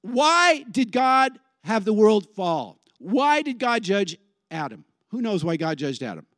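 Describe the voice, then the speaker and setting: A man preaching a sermon in a lively, conversational way, putting questions to the congregation. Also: high voice, a little slow, no room sound, clean studio sound. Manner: animated, conversational, asks the crowd questions. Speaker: pastor.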